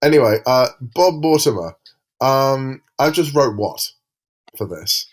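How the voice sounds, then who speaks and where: A man's voice: medium pitch, expressive, slow pace. A man co-hosting a podcast in casual chat, rambling and hesitant as he describes things. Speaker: podcast co-host.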